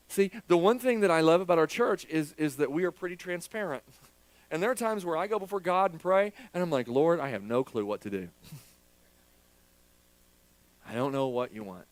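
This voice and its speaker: A man preaches to his church in an open, confessional way, poking fun at himself as he goes. His voice sits a little on the high side. The sound is dry, with little room echo. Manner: candid, joking and self-deprecating, talking to a congregation. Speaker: pastor. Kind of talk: sermon.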